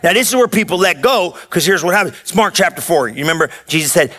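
High bright preaching man. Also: fast talker. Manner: energetic call-and-response preaching, frequent rhetorical questions. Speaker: pastor. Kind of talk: sermon.

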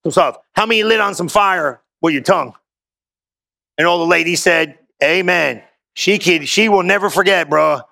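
A man's voice: sits high, moderate pace, creaky, bright, forceful tone. A man preaching a sermon as pastor in a casual, slangy style, often asking the crowd questions and answering himself.

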